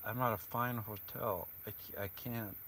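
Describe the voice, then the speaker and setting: A man live-streaming from inside his van on a rainy night, talking quietly into a phone propped close to him. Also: lowish voice, fairly even intonation, normal speed, slight background noise. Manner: talks quietly, keeping his voice down. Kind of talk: casual live stream chat.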